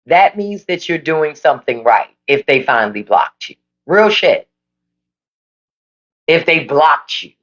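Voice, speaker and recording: An animated host on a phone livestream, talking straight to viewers with blunt, profane opinions. The pitch swings widely, and the audio sounds a bit dull and lo-fi. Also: normal speed, hardly any pauses. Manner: animated, emphatic. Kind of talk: casual live chat reading viewer comments.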